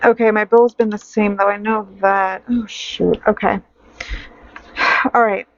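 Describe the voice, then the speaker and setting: Tired, sad woman rambling with a gravelly edge. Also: mid-range voice, fairly even intonation. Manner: rambling, halting, sighs, many fillers. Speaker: budgeting vlogger. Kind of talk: casual chat to camera. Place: home desk in loft bedroom. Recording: dull lo-fi home recording.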